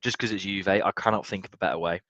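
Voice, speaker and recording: A young man watching a football match live, tipsy, swearing and swinging from low muttering to excited yelling. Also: quick pace, dry recording. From United Kingdom. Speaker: football fan streamer.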